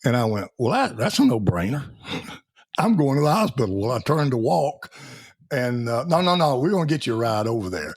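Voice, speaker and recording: Husky older man telling stories. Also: mid-range voice, sing-song, moderate pace. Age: 70s. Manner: folksy, laughs through his stories, acts out the voices of people in them. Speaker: guest, Navy veteran. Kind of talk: storytelling in a podcast interview.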